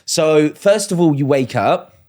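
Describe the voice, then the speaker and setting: A man's voice: a little high, expressive, unhurried, darkish tone. A young Australian man in his twenties co-hosting a casual chat, laid-back and blunt, swearing freely as he tells stories. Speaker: podcast co-host, former reality show contestant.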